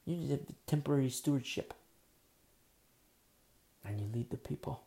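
A man preaching a sermon, emphatic and repetitive, who drops to near-whispers and then rises loud again. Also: medium pitch, moderate pace, gravelly, pauses often.

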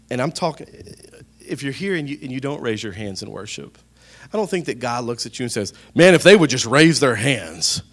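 Male pastor, sermon voice, handheld mic; lively, joking, keeps calling out to the room. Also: medium pitch. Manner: animated, playful, calls out to the congregation. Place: church sanctuary. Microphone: handheld microphone.

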